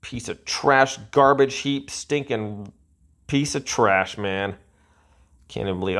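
A man ranting through his own gameplay, sighing and hurling drawn-out insults at the game. His pitch leaps high when he is outraged and sinks low when he grumbles, and he talks slowly. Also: animated, fairly bright tone. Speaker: gaming channel host. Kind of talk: frustrated gameplay commentary.

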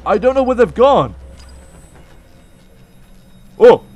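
A man with a notably high voice commentates as he plays a video game. He is jumpy and easily startled, and he giggles at his own nerves between the frightened yelps. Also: very animated, unhurried. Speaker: let's play host. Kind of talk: gameplay commentary.

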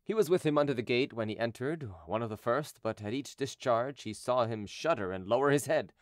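This is scripted audiobook narration by a man speaking steadily and with measure. His mid-range voice comes through clean studio sound without any room tone.

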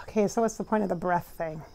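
A woman who works as a spiritual medium, leading a guided breathing meditation in a soft, unhurried, dreamy way that often trails off. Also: on the low side.

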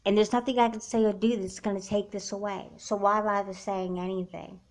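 A woman voicing a junior high girl who defends her worried friendship, in a homemade doll movie. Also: little pitch movement, a little fast, darkish tone, lightly acted. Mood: earnest. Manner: earnest, defensive.

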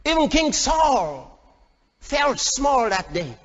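A male pastor preaching a fiery, dramatic sermon, shouting at peaks and acting out voices. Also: extremely high pitch, big pitch swings, slow pace. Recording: echoey hall, dull lo-fi sound.

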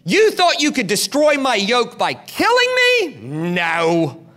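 A man's voice: fairly high pitch, animated, a little fast, fairly bright tone, soft background music. A man voicing Jesus as a defiant man taunting Satan, emphatic and triumphant in a sermon.

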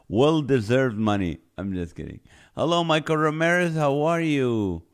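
A man's voice: medium pitch, moderate pace. Joking man hosting a live chat. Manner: lively, joking, reads viewer comments aloud. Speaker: livestream host. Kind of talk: casual live chat greeting viewers. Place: home in California.

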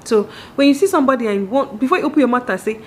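This vlogger is a woman in her thirties with a Nigerian accent, speaking straight to her viewers in a candid, animated monologue about marriage and acting out the voices of the people she quotes. Her pitch is fairly high and her delivery rapid-fire, with a faint hiss or hum in the audio.

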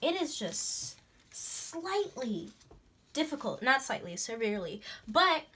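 A young woman chatting through a craft tutorial in a bubbly, excitable way, breaking into gasps and squeals. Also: fairly high pitch, slow, slightly rough. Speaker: craft vlogger. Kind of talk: casual DIY tutorial chat.

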